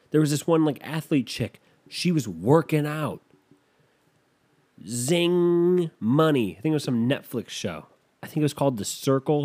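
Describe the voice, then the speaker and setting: A man's voice: medium pitch, darkish tone. A man telling a rambling, self-deprecating story in casual chat, losing his thread and picking it back up.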